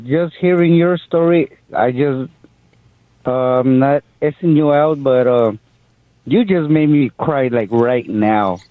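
A man's voice: mid-range voice, takes it slowly, no echo. A man calling into a radio show, rambling hesitantly about how emotional he gets. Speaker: caller. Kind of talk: phone call on air. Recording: dull, dry phone line.

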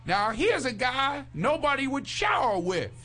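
A man's voice: extremely high pitch, very animated, measured pace, bright, forceful tone, pitched above the performer's own voice, exaggerated voice. A man doing an impression of a famous sports star hosting a talk show, giving a showy introduction. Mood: hyping.

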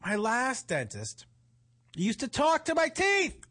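A man with a high voice tells stories at an easy pace, swearing freely and breaking into laughs. His pitch moves up and down a lot, which makes him sound animated. He sounds like the host of a casual talk show. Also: takes it slowly. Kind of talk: casual chat.

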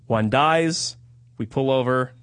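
A man's voice: mid-range voice, takes it slowly, fairly bright tone, clean tone, dry recording, studio quality. A man in his thirties with a New Jersey accent, hosting a radio talk show, telling profane stories with lots of laughter. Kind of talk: crude comedic banter.

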